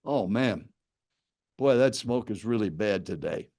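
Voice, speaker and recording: A man's voice: on the low side, lively intonation, unhurried, mellow. An older man, a professional speaker, animatedly telling a story in an interview and acting out the dialogue.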